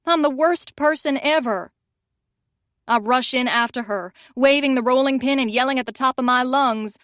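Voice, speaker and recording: A woman narrating an audiobook in the first person, wry and expressive. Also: high-pitched, normal speed, no room sound, studio quality.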